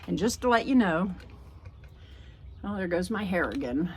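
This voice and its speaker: A woman's voice: lowish voice, lively intonation, moderate pace, darkish tone, slight background noise. An older woman chatting in a homespun way as she walks outdoors through a backyard, filming on a handheld phone. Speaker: home and garden vlogger. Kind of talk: casual walk-through vlog.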